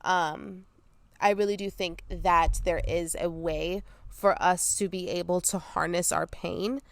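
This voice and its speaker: A young woman hosting a casual solo podcast outdoors, chatty and quick to laugh, with frequent ums. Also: fairly low pitch, steady tone, gravelly, dry recording. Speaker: podcast host. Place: outdoors near an airport, under trees.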